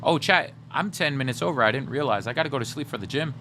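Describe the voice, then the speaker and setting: A young man hosting a livestream, chatting casually and teasing his viewers in a joking, animated way. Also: medium pitch, fast, background noise. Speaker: livestream host.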